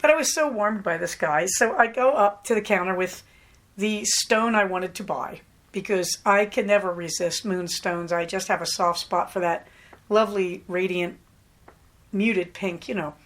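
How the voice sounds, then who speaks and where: A woman hosting a podcast, telling a story in a casual monologue, animated and laughing often, acting out the voices of the people she quotes. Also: medium pitch, moderate pace. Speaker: podcast host.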